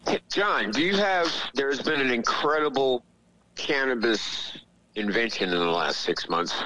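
A man's voice: mid-range voice, animated, unhurried, bright, forceful tone, poor audio. A man calling in to a show, eager and stumbling over his words. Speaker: caller. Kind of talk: casual chat.

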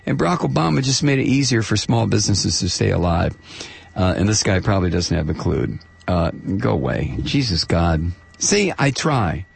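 A man's voice: lowish voice, big pitch swings, normal speed, creaky, slightly rough. A man hosting a call-in radio show, ranting sarcastically and animatedly. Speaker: radio talk show host. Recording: lo-fi radio broadcast.

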